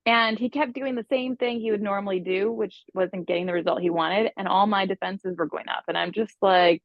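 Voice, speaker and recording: Expressive woman on a dry, dull recording. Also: medium pitch, a little fast, dry recording. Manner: expressive, conversational storyteller. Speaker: relationship coach. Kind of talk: podcast guest interview.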